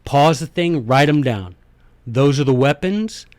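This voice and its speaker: A man hosting a podcast, giving a casual, animated lecture on history and politics and slipping into little skits. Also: mid-range voice, a little slow, dry recording. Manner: animated, folksy, acts out little skits in voices. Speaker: podcast host.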